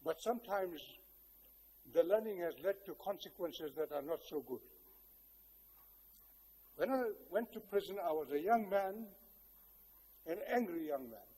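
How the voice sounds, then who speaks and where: Older South African man, high and warm. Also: lively intonation. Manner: measured and reflective, with wry humor. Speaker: guest speaker. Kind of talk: public speech with personal storytelling. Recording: long hall reverb.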